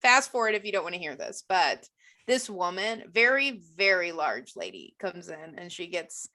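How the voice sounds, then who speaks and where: A young adult woman co-hosting a podcast, telling a story in a casual chat, animated, laughing often and acting out the people she quotes. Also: lowish voice, normal speed. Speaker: podcast co-host.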